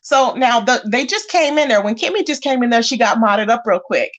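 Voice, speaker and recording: This livestream host is a woman whose voice runs a little high and a little fast, captured in dull audio. She reads chat comments in casual, animated commentary, talking right to viewers and calling them out.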